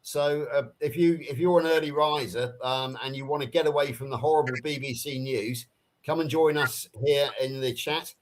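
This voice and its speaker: A man hosting a live stream over a video call, talking casually in a relaxed, halting way with many fillers. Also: medium pitch, a little hiss or hum. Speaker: livestream host.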